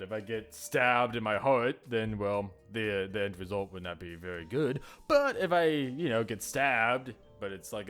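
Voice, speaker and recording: Male host, casual self-mocking rambler with a lively, swinging voice, over soft background music. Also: medium pitch. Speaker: YouTuber host. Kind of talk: casual solo chat to viewers.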